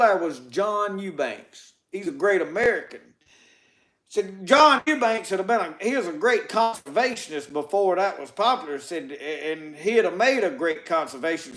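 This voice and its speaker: A man's voice: sits high, fairly bright tone, reverberant. A man with a Mississippi Southern accent telling folk tales in a rambling, folksy way, strung together with "he said.". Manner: rambling, folksy delivery with repeated "said" and "he said". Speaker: storyteller. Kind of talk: Southern folk tall tales told to a live audience.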